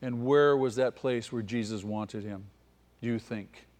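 A man's voice: mid-range voice, unhurried. Impassioned preacher man in an echoing hall. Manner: impassioned, rising to near-shouts at peaks. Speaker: pastor. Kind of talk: sermon. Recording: long hall reverb.

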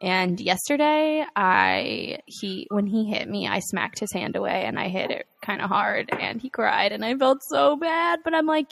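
A young woman chatting casually as a co-host, talking in a loose, rambling way with frequent laughs and fillers. Her voice sits at an ordinary middle pitch. The recording is dry and close, with no room sound. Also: animated, moderate pace, gravelly, dry recording. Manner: chatty, laughs often, many likes and ums. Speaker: podcast co-host. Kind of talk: casual chat.

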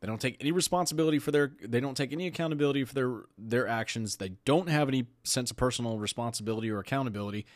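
A man's voice: medium pitch, rapid-fire, hardly any pauses, dry recording, clean studio sound. Sarcastic man hosting a podcast. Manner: sarcastic, opinionated, laughs while reading aloud. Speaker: podcast host. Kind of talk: casual podcast commentary.

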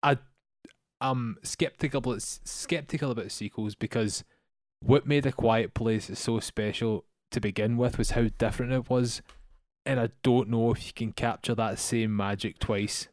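A man's voice: medium pitch, steady tone, a little mellow, no room sound. Critical Scottish man, dry close sound. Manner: critical, measured film opinions. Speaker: podcast co-host. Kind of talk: casual film chat.

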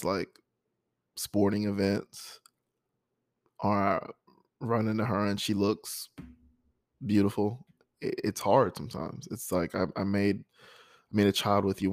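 Middle-aged man, candid confessional monologue; low, gravelly, dry-miked, halting. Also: a little mellow, dry recording. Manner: candid, emotional, halting with pauses and sighs. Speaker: poet. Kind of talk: personal reflective monologue.

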